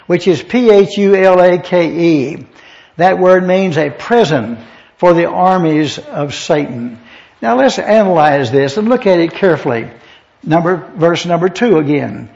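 A man teaching a verse-by-verse Bible lesson, reading Scripture aloud and explaining Greek words in a measured way. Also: sits high, darkish tone. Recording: dull lo-fi recording.

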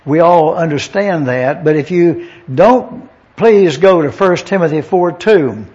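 A man's voice: a little high, lively intonation, measured pace, a little mellow. A man preaching a Bible-study sermon, going through words one by one and spelling out Greek terms letter by letter. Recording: dull lo-fi sound.

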